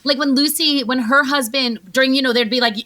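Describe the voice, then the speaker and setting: A woman in her forties telling stories as an interview guest, chatty and quick, full of "like"s and acted-out quotes. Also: high-pitched, steady tone, pushed and bright. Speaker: guest actress. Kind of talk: casual interview storytelling.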